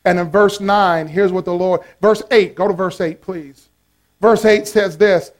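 A man preaching a sermon with passion, repeating key lines and swinging between shouts and hushed tones. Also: high-pitched, slow.

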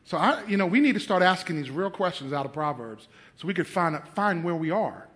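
A middle-aged man preaching a sermon, animated, acting out scenes in changing voices and laughing often. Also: on the high side, brisk. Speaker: pastor.

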